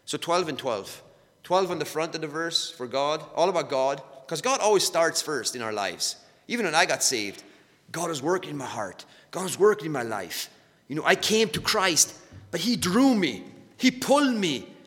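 Middle-aged male preacher, slightly high bright voice, earnest and repetitive, reverberant hall. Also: very animated, moderate pace. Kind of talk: sermon.

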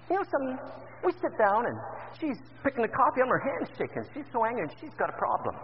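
Older man, fervent sermon, high pitch; dull lo-fi recording with long church reverb. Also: very animated, quick pace, slight background noise. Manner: fervent, rising to loud emphasis. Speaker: preacher.

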